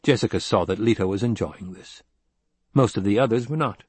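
A man narrating a novel in a measured, even storytelling voice. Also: on the low side, husky, no echo. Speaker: audiobook narrator. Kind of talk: scripted narration.

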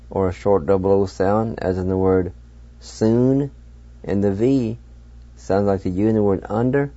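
Slow, patient low-voiced male language teacher. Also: warm tone, no room sound, muffled recording. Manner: slow, patient, spelling letter by letter. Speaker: radio language teacher and host. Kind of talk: slow language lesson, spelling and pronouncing words.

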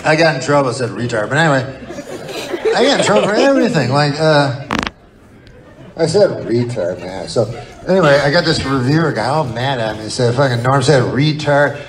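A male stand-up comedian works a live comedy venue, delivering a deadpan, rambling, mock-earnest set broken by sudden outbursts. His medium-pitched voice is brisk with long pauses. The live stage recording carries crowd noise and audience laughter.

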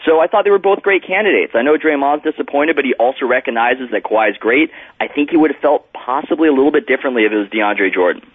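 A man's voice: medium pitch, animated, fast talker, few pauses, slightly rough, dry recording. A man calling in as a guest reporter on a radio show, talking with hesitant restarts and self-corrections. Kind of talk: radio phone interview. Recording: tinny phone line.

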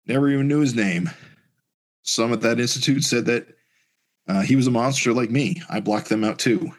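A man reading aloud the halting lines of an insecure young male superhero who feels unworthy. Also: mid-range voice, close to an everyday voice. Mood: glum. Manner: hesitant, self-deprecating. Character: insecure young male hero, self-doubting.

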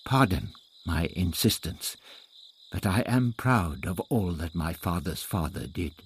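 A man's voice: deep voice, expressive, unhurried, slight background noise. A man voicing a proud, formal male Aztec warrior who speaks in a stately way.

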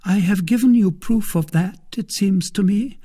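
A man voicing a scheming young noblewoman in an audiobook, with high, sharp, demanding questions. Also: moderate pace, slightly rough. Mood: ardent. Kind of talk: audiobook character voice.

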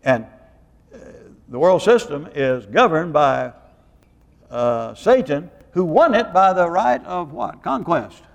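A man's voice: a little high, lively intonation, slow, vocal fry, in a large hall, muffled recording. A man preaching a sermon in a rambling way, searching for words and quizzing his congregation. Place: church hall.

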